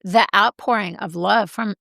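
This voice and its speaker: Gravelly-voiced woman, lively storyteller. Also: normal speed, dry recording, studio quality. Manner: animated storyteller, laughs often, acts out quotes in a high voice. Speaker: podcast co-host. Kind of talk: casual chat.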